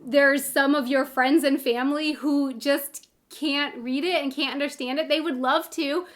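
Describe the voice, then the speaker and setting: A woman's voice: high-pitched, steady tone, measured pace, no echo. A young woman from the United States vlogging outdoors into a handheld camera, chatty and a little self-conscious, laughing often. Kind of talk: casual vlog talk to camera. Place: outdoors in public.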